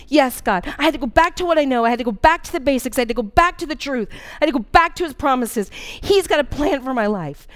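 Woman preacher in her forties, high smooth voice, candid and emphatic sermon delivery. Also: animated, fast talker. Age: 40s. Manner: earnest, candid storytelling with dramatic emphasis.

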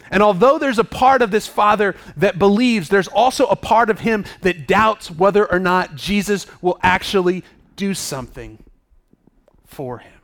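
A man's voice: high-pitched, a bit bright. A man preaching a sermon as pastor, reading scripture and acting out the people in the story. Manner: dramatic, acts out the people in the story.

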